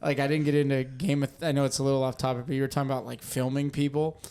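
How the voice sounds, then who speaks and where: A man co-hosting a podcast, telling stories in a quick, casual way full of "like". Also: mid-range voice, flat delivery, a little mellow, clean tone. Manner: quick, filler-heavy storytelling. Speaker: podcast co-host. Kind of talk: casual chat.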